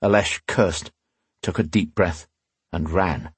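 A man reading a fantasy audiobook aloud in steady, scripted narration. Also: low-pitched, takes it slowly, slightly rough, no room sound.

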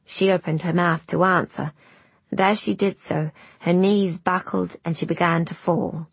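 A woman narrating an audiobook in a slow, measured storytelling manner. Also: lowish voice, steady tone, gravelly, breathy edge, dry recording.

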